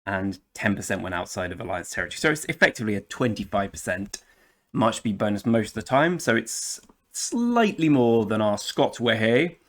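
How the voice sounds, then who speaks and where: Joking English man, lowish voice. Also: big pitch swings, moderate pace. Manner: jokey, chatty, breaks into playful accents. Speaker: gaming channel host. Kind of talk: game commentary video.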